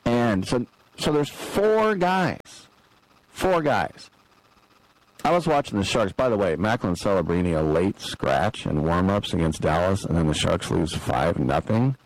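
A man's voice: sits low, normal speed, rough recording. A man hosting a sports talk show, telling stories in a casual monologue and acting out the quotes. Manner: animated storyteller who acts out quotes.

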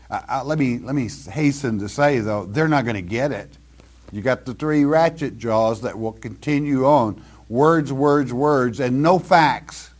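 A man's voice: mid-range voice, darkish tone. A man preaching verse by verse, explaining scripture with emphatic, folksy asides. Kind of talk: verse-by-verse Bible teaching.

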